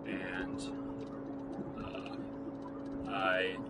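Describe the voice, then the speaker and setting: A man's voice: sits low, completely flat delivery, very slow. Young guy rambling about his own story, lots of likes and ums, kinda self-critical, car noise in the back. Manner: rambling, filler-heavy retelling, self-critical. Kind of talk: casual personal storytelling.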